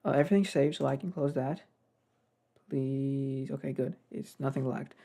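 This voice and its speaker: A man's voice: mid-range voice, normal speed, warm tone. A young man casually narrating his game development work, rambling and getting sidetracked. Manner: rambling, self-deprecating, gets sidetracked. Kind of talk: casual devlog commentary.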